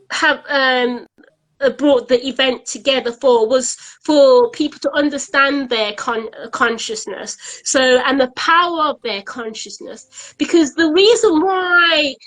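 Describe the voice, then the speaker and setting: A high-pitched woman speaks earnestly in a casual live-stream conversation. She often repeats words as she searches for the next thought. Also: takes it slowly, a bit bright, poor audio. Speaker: event organiser, guest. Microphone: online live stream.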